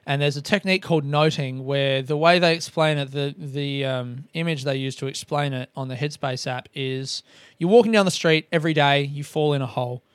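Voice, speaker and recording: A man's voice: a little high, a little fast, clean tone, dry recording, studio quality. A man talking in a casual, rambling monologue on a podcast, swearing often and mocking himself. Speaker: comedian podcast host.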